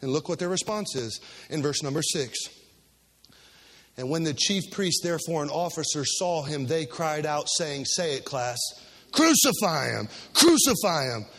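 Emphatic high-voiced male preacher. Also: normal speed. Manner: call-and-response, emphatic, dropping low for gravity. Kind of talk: sermon with scripture reading. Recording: long hall reverb.

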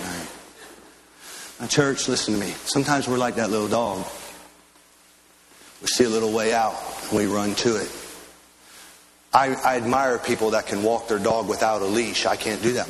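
A man preaching to his church in a somewhat low voice. He tells homely stories and then slows down for earnest pleas and prayer. Faint background noise sits under the sermon. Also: poor audio. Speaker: pastor. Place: church sanctuary.

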